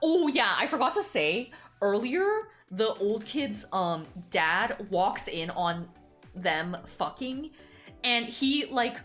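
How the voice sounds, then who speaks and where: A woman streamer chatting casually, animated and giggly, who swears freely as she retells a story. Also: a little high, slow pace, faint music behind. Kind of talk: casual chat.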